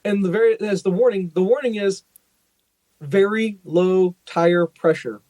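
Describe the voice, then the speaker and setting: Animated high-voiced man telling a story. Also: unhurried, dry recording, rough recording. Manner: animated storyteller who acts out quotes, laughs often, swears. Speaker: podcast co-host. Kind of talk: casual chat, storytelling.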